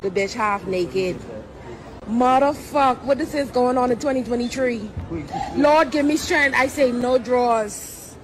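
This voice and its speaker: A woman's voice: a little high, a little slow, crowd noise, poor audio. A woman filming a social media video, giving outraged, exclaiming running commentary in an airport. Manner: loud, indignant, exclaiming to the room. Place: busy airport.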